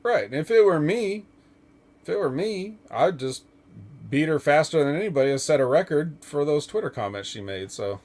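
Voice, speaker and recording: Male podcast host, raised pitch, loose rambling delivery, filler-heavy. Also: animated, moderate pace, darkish tone. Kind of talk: casual wrestling chat.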